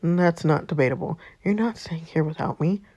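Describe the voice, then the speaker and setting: A woman's voice: deep voice, normal speed, dark tone, no echo, highs cut off. A woman reading the lines of a firm, controlling young husband in a story game.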